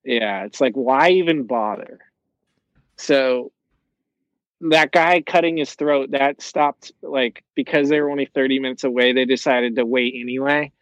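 A man's voice: mid-range voice, steady tone, a little slow, dry recording, low-quality recording. A young man telling a long, rambling story in casual chat, swearing and using lots of fillers.

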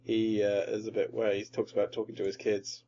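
A man co-hosting a casual comedy podcast, grumbling animatedly and jumping into loud mock voices. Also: lowish voice, monotone, fairly quick, a little hiss or hum. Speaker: podcast co-host. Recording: dull lo-fi podcast audio.

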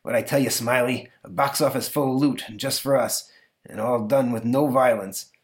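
A man's voice: medium pitch, fairly even intonation, moderate pace, natural voice. A man doing a wiseguy comic-strip thug. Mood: smug. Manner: oily, wiseguy patter. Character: smug male small-time thug.

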